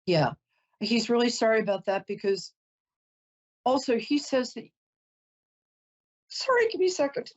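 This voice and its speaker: A woman's voice: fairly high pitch, husky, dull audio. A woman psychic host doing a reading for a caller, chatty, emotional and apologetic, often close to tears.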